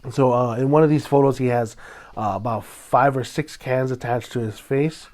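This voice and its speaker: Rambling male podcast host, mid-pitched. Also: normal speed. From Hawaii. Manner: rambling and dramatic, with sudden loud bursts. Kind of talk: solo casual podcast talk.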